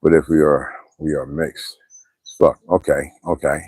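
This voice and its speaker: A man's voice: a bass voice, little pitch movement, unhurried, darkish tone, slightly rough, no room sound. A man livestreaming casual, rambling chat, cursing often and laughing between stories.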